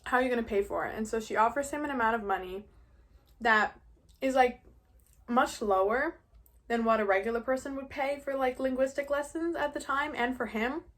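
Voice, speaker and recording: With a high voice at a moderate pace, an eighteen-year-old woman from New York recaps a musical casually between bites for her vlog. She's chatty and rambling, leaning heavily on "like."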